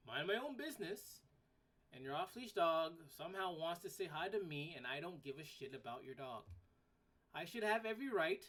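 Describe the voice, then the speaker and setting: Woman ranting on her podcast, blunt, swears a lot, trips over her words when she gets heated. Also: fairly low pitch. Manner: repeats words and restarts sentences when worked up. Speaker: podcast host. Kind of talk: solo podcast rant.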